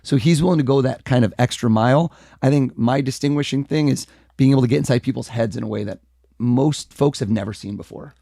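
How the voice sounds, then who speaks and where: Energetic man telling stories in an interview. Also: medium pitch, fairly quick, vocal fry, no echo, clean studio sound. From United States. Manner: energetic, animated, acts out quoted voices. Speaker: mentalist guest. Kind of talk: casual interview storytelling.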